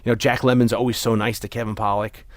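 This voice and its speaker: Casting: young male podcast host, rambling storyteller, mid pitch, dry close sound. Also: flat delivery, quick pace, no room sound. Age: young adult. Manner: rambling storyteller with many restarts. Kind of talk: casual chat.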